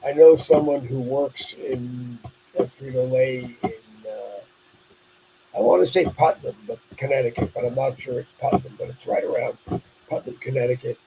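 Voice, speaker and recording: A man's voice: mid-range voice, moderate pace, gravelly, warm tone, slight background noise, low-quality recording. A man co-hosting a casual live stream, telling stories in a chatty, loose way. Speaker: co-host.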